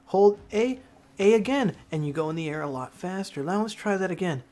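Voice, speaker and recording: A man's voice: sits high, animated, moderate pace, warm tone. Male tutorial narrator, mock-stern classroom-teacher delivery, crude jokes. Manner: mock-serious teacher bit, swears often. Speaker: gaming tutorial creator. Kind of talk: jokey gameplay tutorial voice-over.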